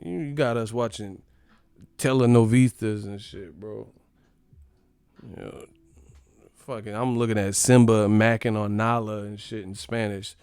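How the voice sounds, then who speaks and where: Gravelly man, profane rambling stream chat. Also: fairly low pitch, measured pace, darkish tone, dry recording. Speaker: livestream host. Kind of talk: casual livestream chat.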